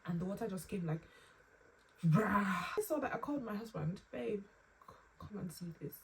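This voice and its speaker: A young woman telling her own painful story to camera, halting and close to tears, with pauses and restarts. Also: medium pitch, lively intonation, background noise. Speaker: vlogger sharing a personal story. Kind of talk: emotional personal storytelling. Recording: slightly distant mic with faint room ambience.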